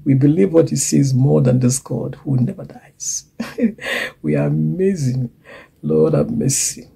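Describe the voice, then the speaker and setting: Gravelly, husky woman preaching a sermon. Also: sits low, unhurried, low-quality recording. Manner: dramatic swings between loud emphasis and hushed whispers; acts out quoted voices and laughs between points.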